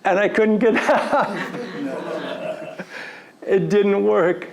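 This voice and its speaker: A man giving a storytelling lecture to an audience, recounting a personal story in an animated way and slipping into quoted dialogue. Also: high-pitched, very slow, vocal fry, a crowd in the background. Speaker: story coach.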